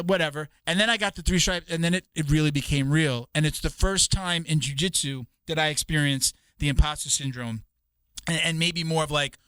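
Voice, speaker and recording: Guy chatting on a podcast, bright and a bit high, swears a lot, lots of restarts, dry close mic. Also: clean tone, no room sound. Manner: rambling, profane, with many restarts. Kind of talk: casual podcast chat.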